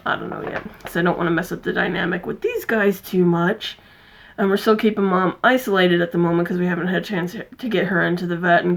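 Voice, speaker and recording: Rambling, chatty woman vlogger at home. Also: fairly bright tone. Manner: chatty and rambling, breaks off to coo at her cats in a high sing-song. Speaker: crafting vlogger. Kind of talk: rambling casual chat to camera.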